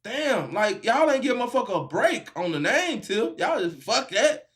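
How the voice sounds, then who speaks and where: A man hosting a casual reaction video, animated and profane, laughing and breaking into shouts. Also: sits high, moderate pace.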